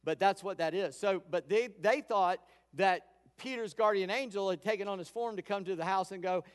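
A pastor giving a sermon in a conversational storytelling way, acting out quoted lines. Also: male voice, sits high, moderate pace, clear, resonant tone. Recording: long hall reverb.

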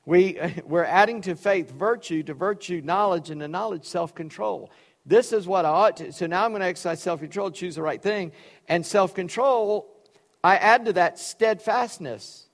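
Guy preaching in a big echoey church, kinda high voice, jokey folksy asides. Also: normal speed. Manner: folksy, joking asides between reading. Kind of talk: sermon with scripture reading. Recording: long reverb of a large hall.

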